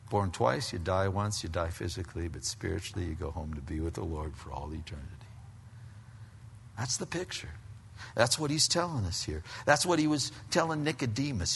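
A man preaching a sermon in a lively, conversational way, often repeating words and adding casual asides. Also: medium pitch, gravelly, husky. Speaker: pastor. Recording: long reverb of a large hall.

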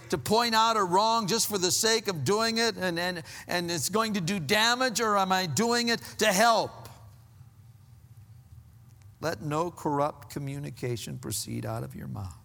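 A man delivers a sermon in a high, bright, ringing voice. He slows down to press his points and sinks to hushed, low lines for emphasis. The sound carries the long reverb of a church hall. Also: animated. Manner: preaching with sudden drops to hushed, low emphasis. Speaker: pastor.

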